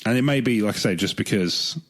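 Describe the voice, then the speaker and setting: A man's voice: lowish voice, brisk. A man co-hosting a podcast, chatting casually and rambling with frequent restarts. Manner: rambling, hesitant, restarts often. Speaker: podcast co-host.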